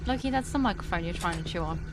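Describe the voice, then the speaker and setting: A British woman chatting her way through a video game at home, reading on-screen lines aloud between playful asides. Her pitch sits in the middle but swings around a lot, and a faint hiss runs underneath. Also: animated, fast talker. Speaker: gaming video host. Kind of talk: casual gameplay commentary, reading game text aloud.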